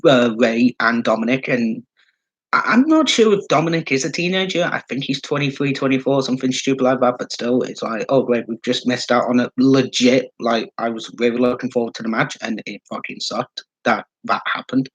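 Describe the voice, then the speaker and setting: A man's voice: mid-range voice, a little fast, muffled recording. A man giving casual solo commentary as a wrestling fan vlogger, rambling and swearing, with lots of fillers.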